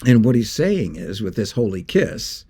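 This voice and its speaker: Male pastor, low husky mellow voice, folksy devotional delivery. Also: big pitch swings. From Northeast Indiana. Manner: folksy and conversational, with pauses and restarts. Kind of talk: short devotional talk.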